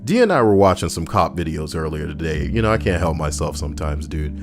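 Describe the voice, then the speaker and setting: A man's voice: extremely low pitch, big pitch swings, fast talker, over music. A man giving an indignant, profane, mocking commentary on a video he watched.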